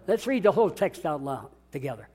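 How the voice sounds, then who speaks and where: A man's voice: on the high side, big pitch swings, brisk, dark tone, husky, soft background music. A man preaching a sermon as a pastor, dramatic and calling out to his congregation. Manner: dramatic, call-and-response preaching.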